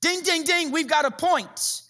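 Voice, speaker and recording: A man preaching a sermon as a pastor, joking and telling stories in an animated way. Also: very high-pitched, a little slow.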